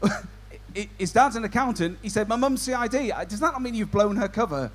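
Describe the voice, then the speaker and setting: A man's voice: high voice, expressive, a little fast, slight background noise. A man compering a stand-up comedy show, doing cheeky banter with the audience. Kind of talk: crowd work stand-up.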